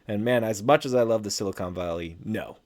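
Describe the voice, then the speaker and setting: A man's voice: on the low side, brisk, darkish tone. A man hosting a podcast in casual chat, telling jokey stories in a laid-back way and saying bro and man. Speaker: podcast host.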